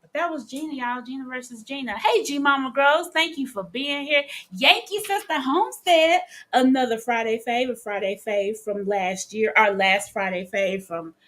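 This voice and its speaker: Woman cohosting a livestream, fairly high voice, friendly shoutouts to the chat. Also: moderate pace, hardly any pauses. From Texas. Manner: shouting out viewers by name, chatty. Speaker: live stream co-host. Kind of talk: casual live stream chat.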